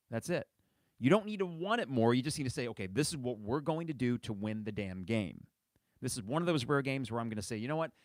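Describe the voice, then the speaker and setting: Man, 30s, sports podcast host, exasperated impassioned rant, very lively pitch, dry close sound. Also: no room sound. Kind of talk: sports fan podcast commentary.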